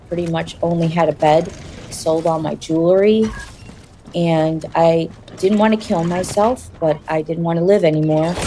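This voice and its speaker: A woman telling her personal story in an interview, in a halting, confessional way. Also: on the low side, dark tone, a little hiss or hum.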